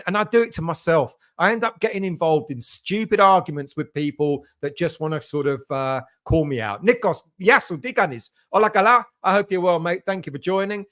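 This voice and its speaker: A man from England chats his way through a relaxed live stream, greeting viewers by name as he reads the chat. His voice sits high for a man. He rambles from point to point and keeps it loose and conversational. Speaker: fan channel host reading live chat.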